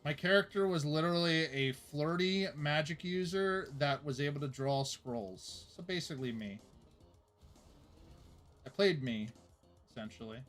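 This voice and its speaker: Streamer, young adult male, slightly high voice, rambling casual storyteller, faint music under. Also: a little slow, fairly bright tone. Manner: rambling, with many fillers and laughs.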